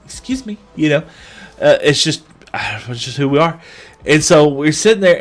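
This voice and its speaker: A man streaming a game, chatting with viewers and telling a long anecdote in a casual, animated way. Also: a little high. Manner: chatty, animated storyteller who talks to chat. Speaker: gaming livestreamer. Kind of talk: casual chat and storytelling while gaming.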